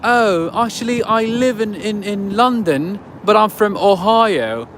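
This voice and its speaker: A man voicing a deadpan woman from Ohio who lives in London, with a flat, matter-of-fact delivery. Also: high voice, unhurried, slight background noise, voice pushed up.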